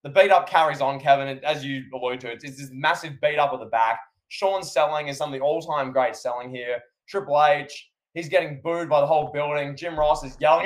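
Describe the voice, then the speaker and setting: A man's voice: a little high, brisk, few pauses. A man co-hosting a podcast, recapping a wrestling match in casual chat and acting out the commentators' lines. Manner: animated, acts out commentators' lines. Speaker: podcast co-host.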